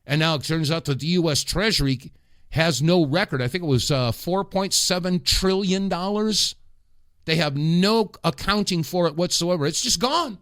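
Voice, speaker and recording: A middle-aged man hosting a political talk radio show, delivering a rambling, impassioned monologue with sudden loud outbursts. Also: on the high side, normal speed, no echo, studio quality.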